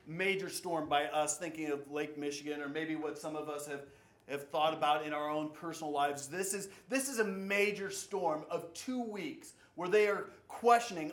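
A male pastor delivers a sermon with a high-pitched voice. He swings dynamically between loud, urgent passages and hushed, low ones. The sound carries the echo of a large room.

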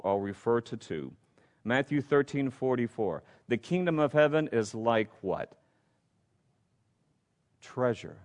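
A man pastor preaching with a lively, swinging pitch that climbs on his emphatic points. His voice is mid-range, and it rings out with a long reverb in what sounds like a church sanctuary. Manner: emphatic, repetitive preaching with rising questions. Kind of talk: sermon.

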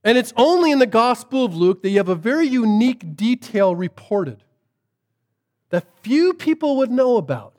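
A man preaching a sermon as a pastor, shifting from lively storytelling to hushed, earnest emphasis. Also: very high voice, moderate pace.

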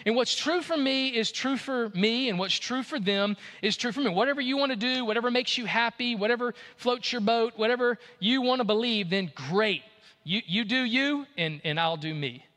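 High, bright-voiced preacher in a hall. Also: male voice. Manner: animated preacher, puts on voices for quoted people. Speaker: pastor. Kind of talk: sermon.

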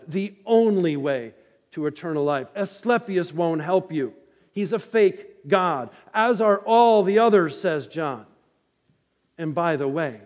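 A man preaching a sermon as pastor, telling the story with dramatic rises and hushed drops. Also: fairly high pitch. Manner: dramatic storytelling preacher, rising and falling intensity. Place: church sanctuary. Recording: long reverb of a church hall.

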